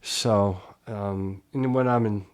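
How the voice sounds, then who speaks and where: A middle-aged man from Pennsylvania, a guest musician, telling animated stories in a relaxed interview, swearing casually and laughing as he talks. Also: fairly low pitch, slow. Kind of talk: relaxed storytelling.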